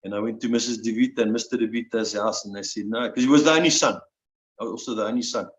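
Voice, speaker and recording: A man in his sixties, a veteran guest telling his story in an emotional, halting way, often restarting and repeating words. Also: lowish voice. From South Africa. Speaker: interview guest, army veteran. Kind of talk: personal storytelling. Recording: roomy, dull lo-fi sound.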